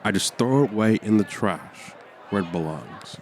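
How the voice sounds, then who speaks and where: Rambling low-voiced man doing stand-up. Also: animated, normal speed. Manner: rambling, mock-somber, sighing between lines. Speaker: stand-up comedian. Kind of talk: deadpan stand-up set. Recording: faint crowd and street noise.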